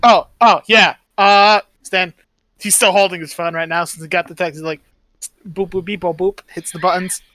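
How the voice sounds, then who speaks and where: A player voices their character's thoughts and actions, hesitant and in the third person. The tone is bright and clear. The sound is dry and close. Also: mid-range voice, flat delivery, normal speed, dry recording. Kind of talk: playing a tabletop game.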